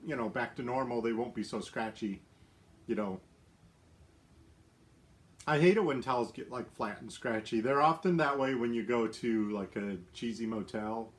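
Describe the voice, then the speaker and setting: A man's voice: medium pitch, a bit bright. A middle-aged man hosting a casual live stream from his home, chatty and upbeat, laughing often and using plenty of fillers. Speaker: lifestyle livestream host.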